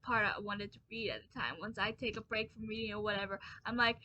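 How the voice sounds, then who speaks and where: A tired young woman rambles casually to the camera about her reading, full of "um"s, restarts and self-deprecating laughs. Her voice sits a little high and comes across bright and crisp, recorded close and dry with no room around it. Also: quick pace, few pauses, no echo. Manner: rambling, many fillers and restarts, laughs at herself. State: tired, early-morning exhausted. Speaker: book vlogger.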